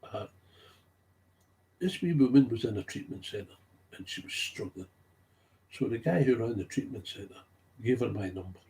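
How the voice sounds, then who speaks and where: A man's voice: fairly low pitch, lively intonation, moderate pace, long pauses, a little mellow. A man speaking in an unscripted monologue, telling stories from recovery work, getting agitated and repeating his key phrases for emphasis.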